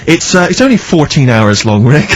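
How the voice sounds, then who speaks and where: A man's voice: fairly high pitch, very animated, moderate pace, poor audio. A man co-hosting a radio show, with a dry, wry way of talking and hesitant fillers. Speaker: radio co-host. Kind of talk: casual radio banter. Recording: dry studio mic.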